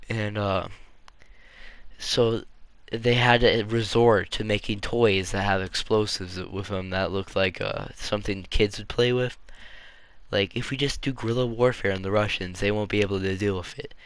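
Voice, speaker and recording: A man talks through his views in a loose, rambling way, stopping and restarting. His voice sits a little low and comes across smooth and clear. The sound is close and dry. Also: fairly even intonation, moderate pace, a bit bright, no echo. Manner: rambling, offhand, full of fillers and restarts. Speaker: video creator. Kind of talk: casual opinion monologue.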